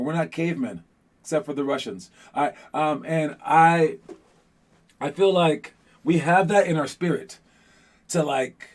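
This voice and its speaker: Guy rambling on a podcast, kinda high voice, lots of likes and ums, gets loud and fired up. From Los Angeles. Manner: rambling, animated, many fillers. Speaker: podcast host. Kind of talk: casual motivational talk.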